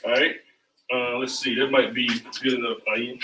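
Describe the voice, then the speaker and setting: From his home kitchen, a man hosts a casual cooking livestream, talking loosely and repeating phrases like a chant. His medium-pitched voice barely moves in pitch and runs at normal speed against a noisy background. The mic sits at a distance in the echoey kitchen.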